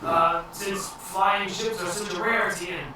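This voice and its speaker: A man's voice: high voice, steady tone, unhurried, noisy background, voice pushed up. A man voicing a meek, middle-aged bearded human arcanist caught stowing away, pleading and flustered. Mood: flustered explaining. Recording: echoey room, far from mic.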